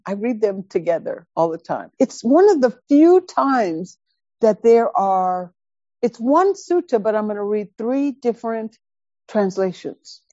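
A woman teaching Buddhist dharma, telling a personal story in an animated, emphatic way and repeating words for stress. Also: mid-range voice, unhurried, no room sound, dull audio. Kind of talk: dharma talk with personal anecdote.

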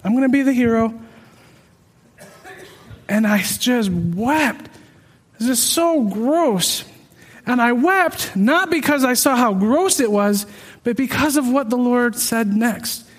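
Man with a very high voice, earnest and self-deprecating testimony, long reverberant hall. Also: expressive, slow pace, pauses often. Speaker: speaker sharing a personal testimony. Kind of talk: personal testimony storytelling.

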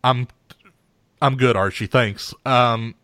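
A man's voice: medium pitch, steady tone, slow pace, a bit bright, no echo, studio quality. A man hosting a radio show in scripted comedic banter, emotional and rambling, with frequent sighs and repeated words.

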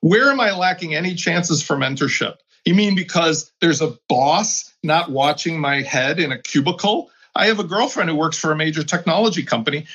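A blunt, opinionated man joins a roundtable podcast panel. He speaks a little high, his voice husky and grainy. The recording sounds dull and lo-fi. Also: moderate pace, hardly any pauses, a bit bright. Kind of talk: roundtable discussion.

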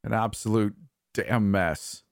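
A man's voice: lowish voice, slow, vocal fry, no room sound, clean studio sound, voice pushed up. A man voicing an older brother who speaks urgently and insistently, voice trembling. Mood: tense, stern. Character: worried older brother, stern and shaken.

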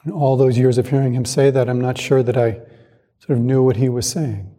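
Mellow-voiced Zen teacher in reverberant hall. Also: male voice, medium pitch. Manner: calm, reflective, measured with pauses. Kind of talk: dharma talk.

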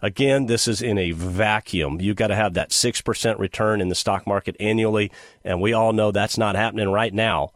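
A middle-aged man hosting a show, talking in a casual, sarcastic and animated monologue. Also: lowish voice, a little fast, no echo, studio quality. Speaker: podcast host.

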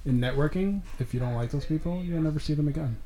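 Low-voiced woman, playful banter. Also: fast, mellow, rough recording. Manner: playful, teasing. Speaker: podcast co-host. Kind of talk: casual chat.

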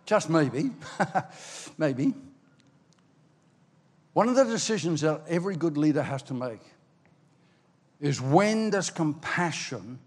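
An older man from Ireland, preaching a sermon with animated storytelling that swings between loud and soft. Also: sits high. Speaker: pastor. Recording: long hall reverb.

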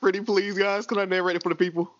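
A man co-hosting a casual wrestling podcast, animated and slangy, laughing often. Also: high voice, fast, no room sound, dull audio. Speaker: podcast co-host.

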